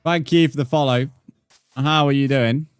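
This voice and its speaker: A man's voice: medium pitch, steady tone, moderate pace, smooth, dry recording, soft background music. A young British man live-streaming a game, chatting to viewers with blunt, sweary, mock-outraged banter. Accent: British English. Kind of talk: live-stream gameplay chat.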